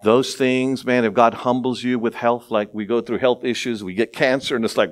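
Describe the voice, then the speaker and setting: A middle-aged male pastor preaching a sermon, telling stories with lively acted-out voices and frequent laughter. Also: mid-range voice, fast talker. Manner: animated storytelling, acts out voices, laughs often.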